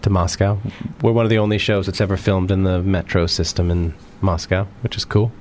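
A man chatting as an interview guest, easygoing and quick to joke. His voice sits a little low. Faint ambience is heard behind him. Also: flat delivery, a little mellow, slight background noise. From United States. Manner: easygoing, joking, upbeat. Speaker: actor guest. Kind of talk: casual interview chat.

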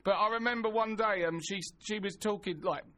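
A man's voice: high-pitched, a little fast, pushed and bright. A young man, co-hosting a casual chat show, reading listener emails and joking. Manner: jokey, laughs often, reads listener emails. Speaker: podcast co-host.

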